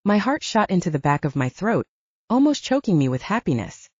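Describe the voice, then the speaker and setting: A woman narrating a romance audiobook in first person, with a steady scripted reading. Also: fairly low pitch, brisk, slightly rough, no echo. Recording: dry, dull lo-fi sound.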